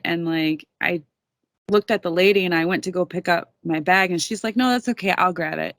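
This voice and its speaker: A woman's voice: lowish voice, dry recording. A young woman, a podcast guest, telling her story in a candid, casual way, swearing freely.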